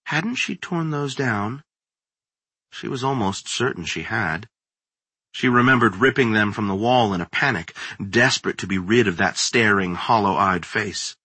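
A man reading a horror story aloud in a slow, deliberate, suspenseful manner. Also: fairly low pitch, sharp tone, husky, no echo. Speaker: narrator. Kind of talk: scripted horror story narration.

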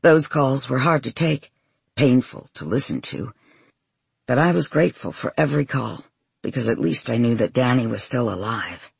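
A man with a husky voice giving a measured, emotional first-person audiobook narration. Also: mid-range voice, animated, no room sound.

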